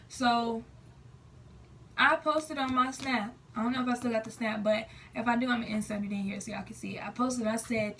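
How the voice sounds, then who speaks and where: A woman's voice: a little high, fairly even intonation, fairly quick, far from the mic, a little hiss or hum. A young woman telling a personal story to her viewers in a casual, chatty way, filling her talk with "like" and acting out what people said. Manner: chatty, lots of "like", quoting herself and others. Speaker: storytime vlogger.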